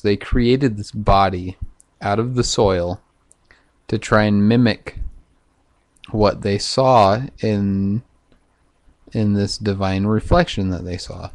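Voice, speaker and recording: A man talking in a loose, profane, halting monologue full of fillers, vlogging to camera. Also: lowish voice, darkish tone. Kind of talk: casual rambling monologue.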